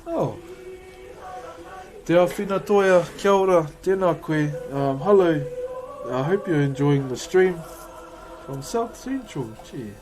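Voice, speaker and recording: Relaxed New Zealand streamer, young man, slightly high voice, music bed under him. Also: slow, pauses often, rough recording. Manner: laid-back, chuckling, friendly "bro" talk. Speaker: livestreamer reading chat while woodcarving. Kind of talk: casual live-stream chat.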